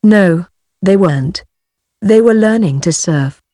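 A woman's voice: mid-range voice, lively intonation, slow pace, mellow, no echo, clean studio sound. A woman reading as a young boy. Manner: plain reading of textbook dialogue. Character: young boy answering questions.

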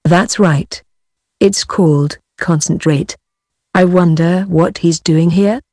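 A woman's voice: on the low side, steady tone, slow, darkish tone, dry recording, studio quality. A woman reading the lines of a girl in a textbook dialogue, in a plain reading voice. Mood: surprised.

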